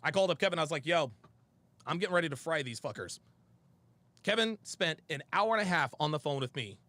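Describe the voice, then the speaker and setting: Animated, gravelly-voiced man telling a story. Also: on the high side. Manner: animated storytelling, quoting a friend and himself; profane and emphatic. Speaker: show host. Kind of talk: heated monologue. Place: studio.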